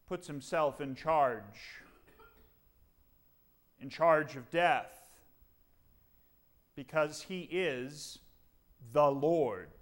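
A male pastor delivers a sermon in a measured, unhurried cadence, his voice sitting a little higher than most men's. He works the congregation with rhetorical questions and stretches out key words for weight. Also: fairly bright tone. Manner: dramatic, rhetorical questions with slow emphatic pauses.

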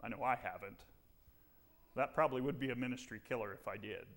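A man preaching a sermon as pastor, dramatic and full of rhetorical questions, leaning on slow, emphatic pauses. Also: mid-range voice, fairly bright tone.

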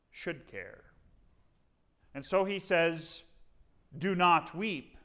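Slow, emphatic male preacher. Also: fairly high pitch, a bit bright, smooth. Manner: dramatic, rhetorical questions with slow emphatic pauses. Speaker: pastor. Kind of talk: sermon.

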